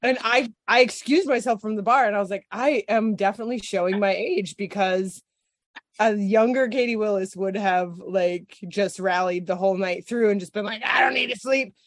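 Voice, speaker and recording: A woman, a podcast guest, telling a story in casual chat. She is animated, swears freely and laughs often. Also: mid-range voice, moderate pace, no room sound.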